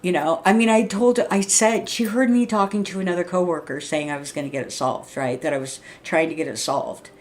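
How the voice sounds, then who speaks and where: A woman's voice: fairly low pitch, fairly quick, few pauses. A middle-aged woman livestreaming a casual, rambling rant, blunt and full of swearing. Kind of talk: casual venting monologue.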